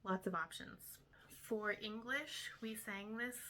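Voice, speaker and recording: A woman's voice: medium pitch, takes it slowly, sharp tone, a little hiss or hum. A young woman, a homeschool tutor, casually explaining her week's lessons step by step with frequent ums. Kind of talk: casual instructional talk to camera.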